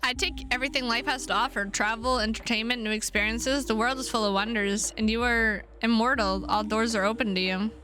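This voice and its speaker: A woman streamer playing a visual novel, reading the narration aloud with playful, animated asides. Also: a little high, fairly quick, hardly any pauses.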